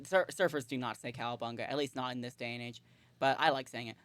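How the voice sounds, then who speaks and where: A woman streamer giving casual, excitable and jokey commentary on a game, swearing often, on a close mic. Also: very deep voice, quick pace, no room sound.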